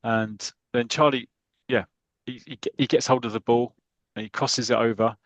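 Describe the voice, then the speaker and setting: A British man talks through a comic strip's story in a loose, chatty way, pausing on fillers and slipping into quick voices for the characters. His pitch sits in a middle range and the recording is close and dry, with no room sound. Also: fairly even intonation, no room sound. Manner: reads comic dialogue aloud in light voices, hesitant fillers. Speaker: podcast co-host. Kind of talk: casual chat retelling a comic.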